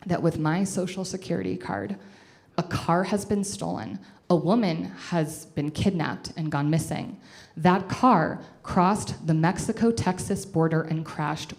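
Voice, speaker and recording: Animated woman telling a comic story. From Denver, Colorado. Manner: animated, self-mocking, jumps into high exaggerated voices. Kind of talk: live comedic storytelling. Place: stage before a live audience.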